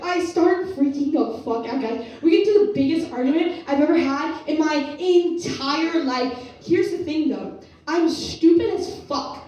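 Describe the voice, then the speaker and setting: A young woman comedian telling a story at a live show, animated and swearing, acting out her family's voices. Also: high voice, a little slow. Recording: echoey room from far off the mic.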